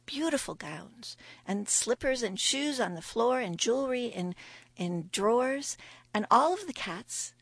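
A woman telling a folktale aloud as a storyteller, expressive, dropping to a whisper now and then. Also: a little high, gravelly, dry recording. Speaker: storyteller guest.

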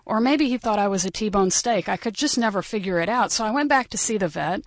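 A woman in her forties tells a personal story with dry, wry humor. Her voice sits in a middle pitch and is recorded close and dry, with no room sound. She is a guest on a radio storytelling show. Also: expressive, brisk, dry recording.

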